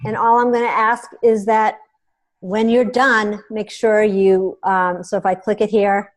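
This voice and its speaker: A woman talks through a hands-on tutorial in a chatty, instructive way, often checking in with her listeners as she goes. Her voice sits at an ordinary middle pitch for a woman. She is recorded on a computer microphone. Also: level tone, measured pace. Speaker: meeting host.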